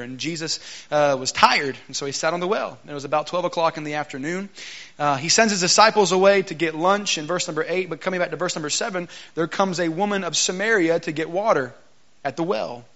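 A man preaches a lively Pentecostal sermon in a church, joking and calling out for the congregation's responses. His voice is high and bright. The recording sounds dull and lo-fi. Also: fast. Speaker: guest preacher, Bible college teacher.

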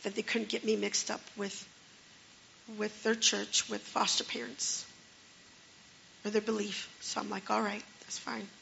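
A woman telling an earnest personal testimony in a halting, repeating way. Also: mid-range voice, little pitch movement, vocal fry, a bit bright, slight background noise. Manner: earnest and halting, with many restarts. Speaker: storyteller sharing a personal testimony. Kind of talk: personal testimony, spoken story. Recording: dull lo-fi recording.

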